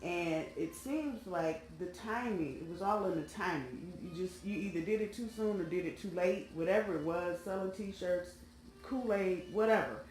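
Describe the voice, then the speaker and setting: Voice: mid-range voice, normal speed, a little mellow. Folksy, chatty tarot reader in a roomy space. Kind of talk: casual tarot reading to viewers. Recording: roomy sound, faint background music.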